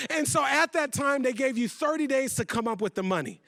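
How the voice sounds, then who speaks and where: A man giving a storytelling keynote at an event, animated and repeating phrases for emphasis. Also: very high voice, brisk, creaky, hardly any pauses, no room sound. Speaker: keynote speaker. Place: event stage.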